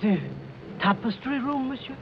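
An actress playing a stiff, deferential French housekeeper who speaks formal, broken English with a French accent in an old radio drama. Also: female voice, high-pitched, normal speed, background noise, lightly acted. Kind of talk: 1940s radio acting. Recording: lo-fi old radio with music behind.

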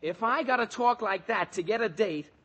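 An actor playing an eager, excitable teenage boy in a 1940s radio comedy, bouncy and slangy, with a breathy tone. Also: sits high, normal speed, full character voice. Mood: confident.

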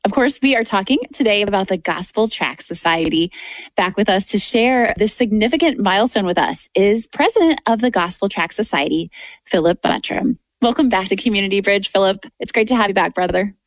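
A woman's voice: medium pitch, animated, brisk, no room sound. A woman hosting a Christian radio interview show, affirming and welcoming her guest.

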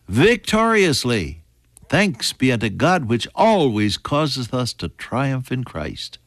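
An older man preaching a sermon, moving from hushed, near-whispered lines to lifted, emphatic ones. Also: medium pitch, dry recording, studio quality.

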